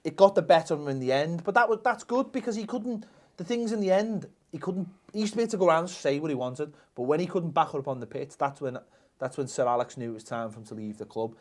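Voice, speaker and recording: A man's voice: on the high side, lively intonation, fast talker, a little mellow. A man talking football as a pundit in a casual chat, blunt and opinionated.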